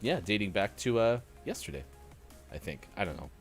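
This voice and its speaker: Man, live-stream co-host, playful banter, swinging pitch, light background music. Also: normal speed. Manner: animated, jokey, addressing chat. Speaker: co-host of a gaming morning show.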